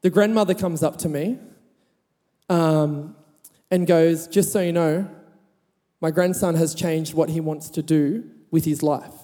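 A high, warm-toned man preaches to his congregation in a chatty, storytelling way. His voice carries a long reverb from a large church hall. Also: fairly even intonation, unhurried, pauses often. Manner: chatty, laughing, rising to emphatic. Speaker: pastor. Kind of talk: sermon with storytelling.

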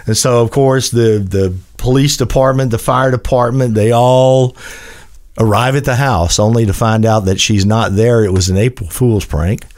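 A man hosting a casual radio talk show, reading odd news stories in a slow, emphatic, wry way. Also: medium pitch, fairly even intonation, darkish tone. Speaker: radio host.

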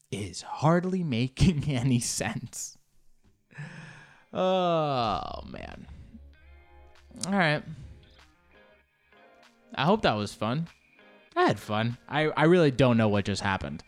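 A man's voice: medium pitch, sing-song, slow, pauses often, soft background music. Rambling, profane man hosting a podcast. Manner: rambling, profane, self-mocking. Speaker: podcast host and comedian. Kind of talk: casual solo podcast monologue.

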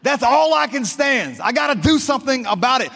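A pastor voicing Popeye the cartoon sailor in a low, gravelly grumble, with long church-hall reverb. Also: male voice, very animated, a little fast, fairly bright tone, exaggerated voice. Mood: fed up. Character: gruff sailor man, cartoon hero, grumbling.

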